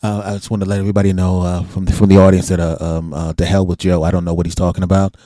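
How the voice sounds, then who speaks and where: A man hosting a comedy podcast, chatting casually and joking with deadpan denials. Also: deep voice, very fast, no room sound, clean studio sound.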